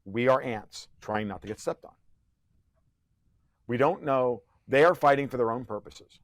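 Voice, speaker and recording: A man's voice: medium pitch, measured pace, no echo, clean studio sound. A man who is a podcast guest, talking in a heated conversational rant. He is profane and sarcastic, and he often restarts his sentences.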